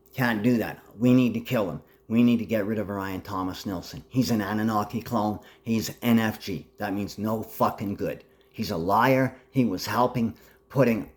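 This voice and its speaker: Agitated, threatening rambling man. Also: mid-range voice. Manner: agitated, threatening, jumps between topics. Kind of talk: rambling monologue.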